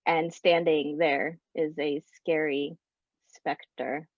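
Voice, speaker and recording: A woman's voice: low voice, flat delivery, slow pace, no room sound. A woman improvising a story in a game with casual, giggly narration, over slightly muffled audio. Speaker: player.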